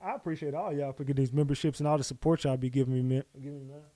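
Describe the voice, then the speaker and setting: A man hosting a casual livestream, loose and chatty, giving repeated shout-outs to his viewers. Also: medium pitch, fairly even intonation, very fast, no echo. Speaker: livestream host.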